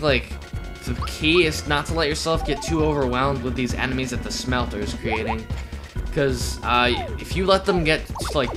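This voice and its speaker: Rambling young man over game music. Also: fairly high pitch. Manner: rambling, filler-heavy, joking. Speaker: let's play commentator. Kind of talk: casual gameplay commentary.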